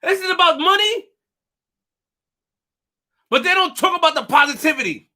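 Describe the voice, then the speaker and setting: Bright high-pitched man streaming live. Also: lively intonation, normal speed. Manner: emphatic, repeats phrases, talks to chat. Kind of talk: animated live stream commentary.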